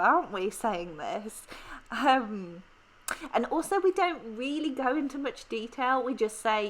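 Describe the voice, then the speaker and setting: A woman's voice: on the high side, expressive, measured pace. A woman in her thirties from England with an English accent, chatting casually and rambling with many ums while she plans. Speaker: planner vlogger. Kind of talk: casual chat while planning.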